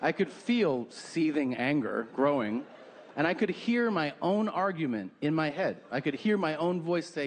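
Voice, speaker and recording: A man's voice: on the high side, very animated, measured pace. A man performing a stand-up comedy set on stage, telling profane stories about his family with mocking impressions. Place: comedy stage before a live audience. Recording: live show with audience noise.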